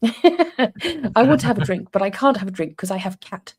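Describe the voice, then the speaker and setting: In a medium-pitched, slightly rough voice, a forties-aged woman from North East England co-hosts a live stream. She chats casually with viewers at a moderate pace, with lively intonation and plenty of laughter.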